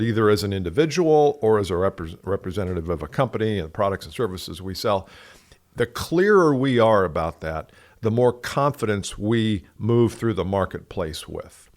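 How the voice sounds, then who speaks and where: A man with a fairly low voice hosts a sales podcast. He chats casually and rambles through stories with animated swings in emphasis. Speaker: podcast co-host. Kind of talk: casual chat.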